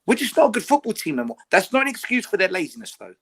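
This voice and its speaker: A man co-hosting a casual football podcast, making his point in an animated, argumentative way. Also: sits high, rapid-fire, breathy edge. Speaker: podcast co-host. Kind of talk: casual fan podcast chat.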